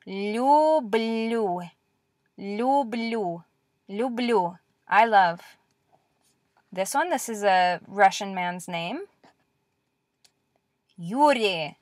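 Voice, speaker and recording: A woman teaching a lecture-style language lesson, repeating words slowly and clearly with patient encouragement. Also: medium pitch, no room sound, clean studio sound.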